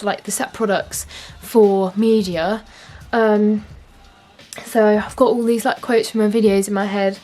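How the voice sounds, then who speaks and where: A woman's voice: mid-range voice, fairly even intonation, measured pace, darkish tone, faint music behind. A young woman, talking casually to camera in a rambling, chatty way full of fillers. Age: young adult. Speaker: vlogger. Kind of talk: casual vlog chat.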